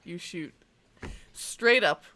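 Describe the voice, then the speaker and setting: A game master narrates a tabletop scene slowly and deliberately, in a bright, sharp-edged voice at a middle pitch. The descriptions are loose and hedged with fillers. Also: lively intonation. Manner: slow, scene-setting narration with hedging fillers.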